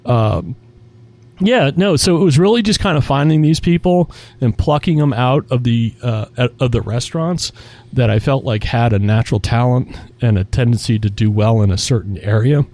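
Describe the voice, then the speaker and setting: A man with a mid-range voice speaks at a normal pace as a restaurant executive guest in a casual interview. He tells stories from work with animation, acting out the quoted dialogue.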